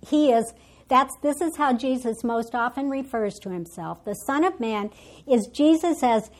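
A woman leads a Bible study lesson in a voice a little higher than most. She works through scripture by thinking aloud, correcting herself mid-sentence and often starting phrases over. She quotes passages in a steady teaching tone. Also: normal speed. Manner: thinks aloud with frequent restarts and self-corrections.

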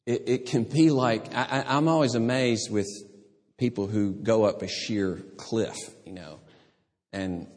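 A man pastor preaching a sermon, animated, acting out the voices of people in the story he tells. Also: medium pitch. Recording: long hall reverb.

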